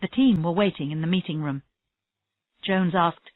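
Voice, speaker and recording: Woman reading a story for english learners, slow and clear, kinda low, tinny phone sound. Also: no echo. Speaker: story reader. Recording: tinny phone-like audio, dry.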